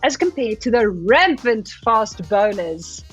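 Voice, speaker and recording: A woman's voice: fairly high pitch, sing-song, slow pace, breathy edge. A woman hosting a cricket show, reading out viewer questions in upbeat scripted links. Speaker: host. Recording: slightly dull lo-fi with music bed.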